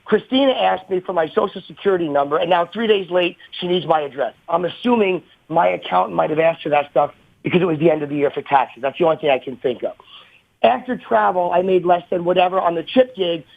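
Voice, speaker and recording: Raspy high-voiced man on a phone line. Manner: indignant, aggrieved, fast back-and-forth. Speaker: radio host. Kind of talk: heated on-air argument.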